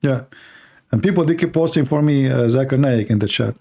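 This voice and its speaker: A man's voice: mid-range voice, a little fast, vocal fry, mellow. Sarcastic rambling man with an Arabic accent. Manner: sarcastic, rambling with many fillers. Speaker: live stream host. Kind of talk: mocking casual monologue.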